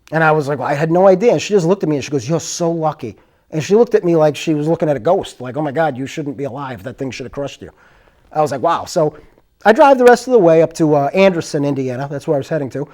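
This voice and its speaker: Guy hosting his show, rambling through spooky true stories, kinda high voice but mellow. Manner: rambling, conversational, acts out quoted lines. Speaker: show host. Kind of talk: casual storytelling.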